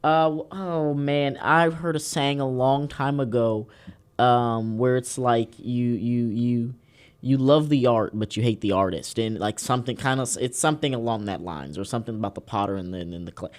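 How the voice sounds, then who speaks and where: A man's voice: mid-range voice, moderate pace. A man with a Southern US accent hosting a casual political podcast, joking and rambling with theatrical emphasis. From Houston, Texas. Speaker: podcast host.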